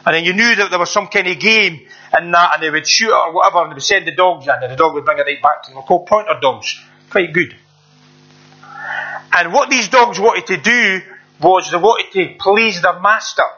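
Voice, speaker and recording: A man's voice: sits high, brisk, sharp tone. A man preaching a sermon in an earnest, conversational way, repeating himself and asking the listeners rhetorical questions. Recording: dull lo-fi recording.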